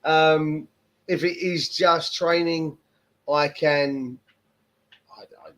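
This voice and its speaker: A man hosting a casual football fan podcast, often pausing and restarting his sentences. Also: on the high side, fairly even intonation, a bit bright, low-quality recording. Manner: hesitant, restarts with repeated words. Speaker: podcast host. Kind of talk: casual chat.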